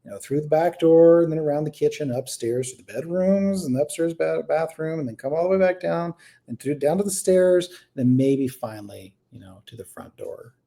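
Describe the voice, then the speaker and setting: Man, thirties, mellow voice, casual storytelling, lots of fillers, quiet to animated. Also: fairly high pitch, brisk, creaky. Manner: rambling, many fillers and restarts, swings between quiet and animated. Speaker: guest telling a personal story.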